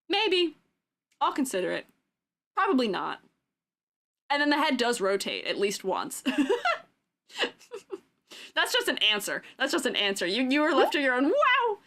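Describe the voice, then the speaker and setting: A woman's voice: on the high side, pushed and bright. A young adult woman streaming, chatting casually and giggling with her viewers. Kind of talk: casual chat.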